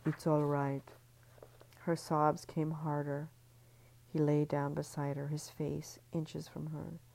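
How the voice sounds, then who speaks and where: A woman reads a serialized story in a hushed, intimate manner. Her voice is low and dark, with a steady gravelly fry running through it. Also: takes it slowly, low-quality recording. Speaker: narrator. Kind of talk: scripted audiobook narration.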